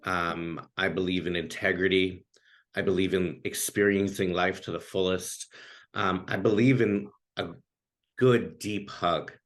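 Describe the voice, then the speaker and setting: A man who coaches queer youth, talking earnestly as an interview guest, halting and restarting often. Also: low-pitched, fairly even intonation.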